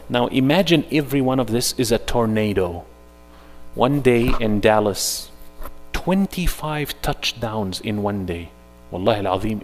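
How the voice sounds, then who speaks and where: A man leading an interactive workshop at a mosque, animated, acting out little dialogues and dropping Arabic phrases into his English. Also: medium pitch, long reverb tail. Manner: animated, acts out dialogues in put-on voices.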